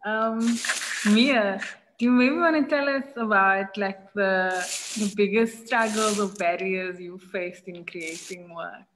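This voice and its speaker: A woman moderates a panel in a casual, enthusiastic manner, dropping slang as she reacts. Her voice has a middle pitch and trails off into a long reverb. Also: slow pace, fairly bright tone, a little hiss or hum. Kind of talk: panel discussion.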